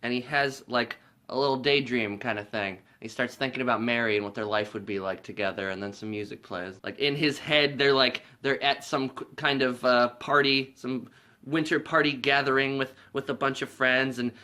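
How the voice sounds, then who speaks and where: A man with a bright, sharp voice recaps a movie in a casual, rambling way. He swears freely and fills his talk with "like" and "uh". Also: medium pitch, fairly even intonation, normal speed. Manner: rambling and profane, with filler words. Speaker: movie reviewer.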